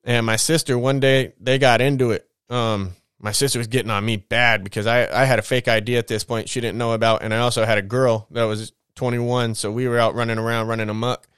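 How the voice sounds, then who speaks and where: Man from Southern California, casual rambling storyteller, smooth clear voice, mid pitch, dry close mic. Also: fairly even intonation, brisk, few pauses, fairly bright tone, no echo. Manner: rambling, loose slang with many fillers. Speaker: podcast host telling his life story.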